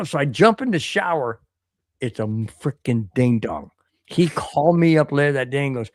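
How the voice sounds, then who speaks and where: An American man co-hosting a casual sports podcast, telling a rambling story and reading out viewer chats in an excitable way. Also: on the high side, normal speed, dry recording, studio quality. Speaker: podcast co-host.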